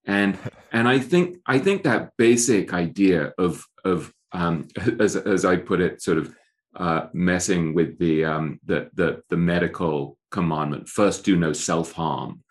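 A man's voice: low voice, measured pace. An English man being interviewed about his book on a podcast, speaking thoughtfully with frequent restarts and a self-deprecating touch. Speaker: author and guest.

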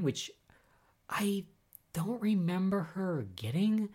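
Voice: mid-range voice, darkish tone, breathy edge. A young adult podcast host giving a casual, chatty recap of soap opera episodes, often exasperated and filling speech with "like" and "um".

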